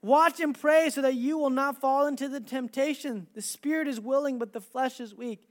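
A preacher delivers a sermon with scripture read aloud. The delivery is dramatic, building to loud, emphatic stretches and then dropping to a quiet hush. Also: sits high, normal speed.

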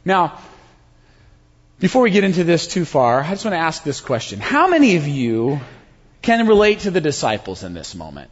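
A man preaching a sermon to his congregation, swinging between loud emphasis and near-whispers. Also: a little high, wildly swooping pitch, normal speed, breathy edge. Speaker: pastor. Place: church sanctuary. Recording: muffled sound in a large reverberant hall.

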